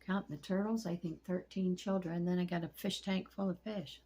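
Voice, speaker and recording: A woman's voice: on the low side, fairly even intonation, normal speed, warm tone, a little hiss or hum. A middle-aged woman venting at home in a casual vlog, blunt and profane, rambling from one gripe to the next. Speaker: vlogger. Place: at home among pet turtles.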